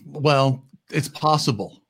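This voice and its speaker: A man's voice: mid-range voice, takes it slowly, fairly bright tone, slightly rough. Wry, self-deprecating man chatting. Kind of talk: casual podcast chat.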